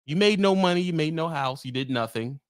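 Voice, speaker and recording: A man's voice: on the high side, expressive, brisk, clean tone, no room sound, studio quality. Heated, profane man ranting. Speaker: truck driver vlogger. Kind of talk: ranting monologue.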